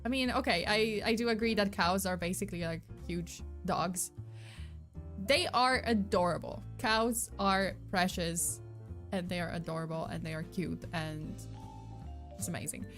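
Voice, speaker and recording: A woman's voice: on the low side, unhurried, a bit bright, soft background music. A woman hosting a stream, chatting casually in a giggly, rambling way and then reading a scripted story. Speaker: vtuber streamer host. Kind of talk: casual chat and scripted narration.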